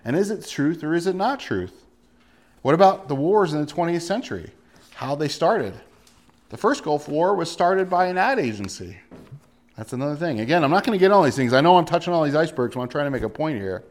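A man's voice: on the high side, very animated, a little fast. A male pastor delivering a sermon emphatically, full of rhetorical questions and repeated words.

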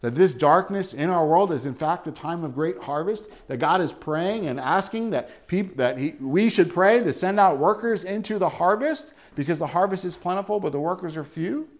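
A man's voice: high-pitched, animated, moderate pace, hardly any pauses. A male pastor preaching a sermon in an earnest way, building to emphatic peaks.

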